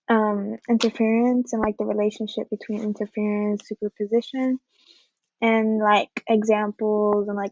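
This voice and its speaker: Young woman student, casual and filler-heavy, fairly high voice with little lift, dull dry recording. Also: a little mellow, no echo. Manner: hesitant, many fillers. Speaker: student presenter. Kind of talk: informal class presentation. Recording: dull lo-fi mic.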